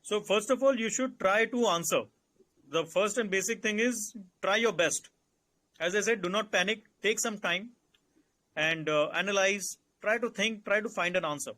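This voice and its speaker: A man with an Indian English accent giving calm, instructive interview advice and repeating his key points. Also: high voice, normal speed. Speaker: interview coach. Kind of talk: advisory Q&A session.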